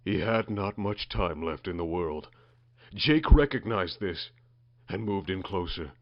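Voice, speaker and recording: A man's voice: low voice, lively intonation, a little slow. A man reading a comedic story aloud in a mock-dramatic, building manner. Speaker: narrator. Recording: muffled dry lo-fi recording.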